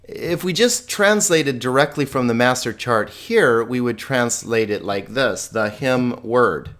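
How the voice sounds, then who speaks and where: A man's voice: mid-range voice, a little slow, fairly bright tone. A man giving a recorded language lesson, chatty and upbeat, laughing often and stressing key words. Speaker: Greek teacher.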